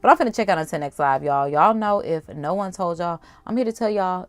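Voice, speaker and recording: A young adult woman hosting a casual livestream, chatty and animated, talking straight to her viewers in slangy asides. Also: fairly low pitch, brisk, dry recording. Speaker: livestream host.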